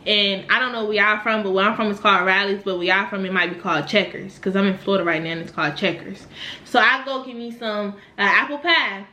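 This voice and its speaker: Young woman from Virginia, animated storytime vlog, bright voice, echoey room. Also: medium pitch, fast, a little hiss or hum. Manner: animated, swearing, laughing. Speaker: vlogger. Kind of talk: casual storytime monologue.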